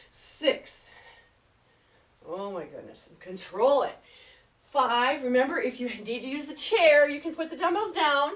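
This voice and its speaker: A woman fitness trainer leading an exercise class, chatty and upbeat, counting reps aloud and getting out of breath. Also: on the high side. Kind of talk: live exercise class instruction. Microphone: camera at a distance. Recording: echoey room, voice far from mic.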